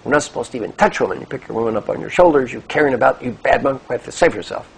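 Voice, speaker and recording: A man's voice: medium pitch, rapid-fire, creaky, breathy edge, rough recording. A man playing a furious, scolding monk. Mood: indignant. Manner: loud, righteous scolding. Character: indignant, scolding male monk.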